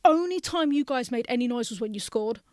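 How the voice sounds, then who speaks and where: A woman's voice: on the high side, lively intonation, brisk, darkish tone, no echo, clean studio sound. A young woman, a podcast co-host chatting about women's football in a teasing, chatty way. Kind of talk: casual sports chat.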